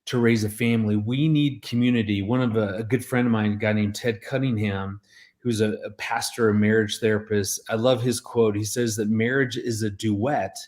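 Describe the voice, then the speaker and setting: A man's voice: on the low side, moderate pace. A man in his forties, a marriage expert and radio guest, telling stories earnestly and with energy, often restarting his sentences. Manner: earnest, animated storyteller with many restarts. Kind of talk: radio interview storytelling.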